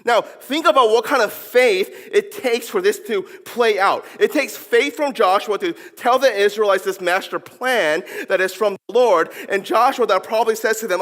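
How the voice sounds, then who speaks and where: A man's voice: high voice, expressive, normal speed, fairly bright tone, long reverb tail. A man preaching a sermon in a playful way, acting out the voices of his listeners and of biblical figures. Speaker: pastor. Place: church sanctuary.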